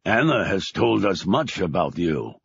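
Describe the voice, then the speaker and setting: A man's voice: low voice, sing-song, unhurried, creaky, fairly bright tone, slightly rough, dry recording, lo-fi sound, full character voice. A man reading, voicing a big, hearty German father with a heavy German accent.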